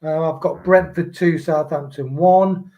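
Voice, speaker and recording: Brief: male co-host, casual football talk, halting with ums and false starts, slightly raised pitch. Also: steady tone, lo-fi sound. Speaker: co-host of a football prediction show. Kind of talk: casual chat.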